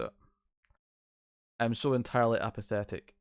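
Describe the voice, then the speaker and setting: A man's voice: fairly low pitch, steady tone, fairly quick, long pauses, dry recording, clean studio sound. A man hosting a casual livestream from his couch at home, rambling and reading out chat messages. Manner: laid-back, rambling, reads chat aloud. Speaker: streamer host. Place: home living room couch. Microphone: distant mic, moves out of frame.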